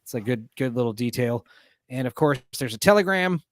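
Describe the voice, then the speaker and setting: A man's voice: medium pitch, lively intonation, a little fast, no echo. Dry-sounding rambling male host. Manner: rambling, laughs often while retelling scenes. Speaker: stream host. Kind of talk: casual movie discussion.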